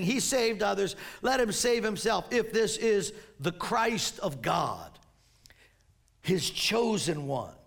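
Male pastor, gravelly and fairly high, animated sermon delivery with whispers and shouts.

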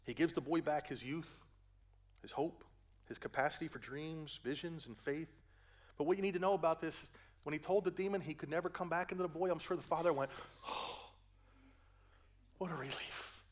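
Older male pastor, sermon delivery, dynamic from hushed to booming, folksy. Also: brisk. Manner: swings from hushed and gentle to loud climactic preaching; folksy asides, addresses listeners as folks.

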